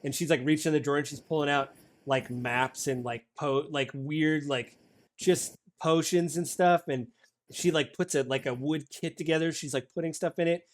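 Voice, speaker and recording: A man's voice: on the high side, fairly even intonation, normal speed. A man narrating as game master of a tabletop game in a casual, filler-heavy way.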